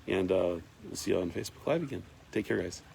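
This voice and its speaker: A man's voice: low voice, fast talker, creaky, a little mellow, slight background noise. A man hosting a casual live stream from his farm, reading viewer comments aloud and rambling with lots of fillers. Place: farm in Northern California.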